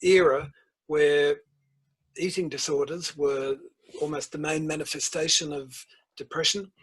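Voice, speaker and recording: An older man, a guest author and principal telling stories in a measured, reflective interview. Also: a little high, fairly even intonation, slightly rough, low-quality recording. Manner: measured storytelling, tells anecdotes.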